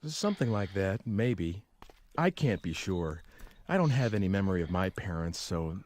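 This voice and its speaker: A man voicing a calm, reserved young man in a video game, speaking quietly and evenly. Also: medium pitch, normal speed, breathy edge, full character voice.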